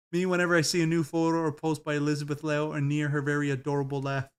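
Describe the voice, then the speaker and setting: A man with a slightly high voice chats on a stream while he browses videos. He giggles often and rambles in a loose, profane way. His talk comes in casual bursts. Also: level tone, a little fast, clean tone. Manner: giggly, laughs often at what he watches.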